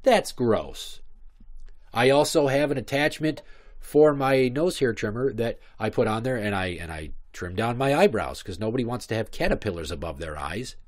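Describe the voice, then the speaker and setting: A man's voice: medium pitch, expressive, moderate pace. A man in his thirties hosting a podcast, telling stories in a rambling, profane comic monologue. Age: 30s. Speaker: podcast host.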